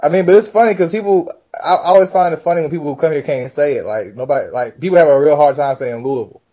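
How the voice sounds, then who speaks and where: A man's voice: a little high, quick pace, mellow, lo-fi sound. A man from Akron co-hosting a casual podcast, amused and stammering as he tells stories. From Akron, Ohio. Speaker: podcast co-host.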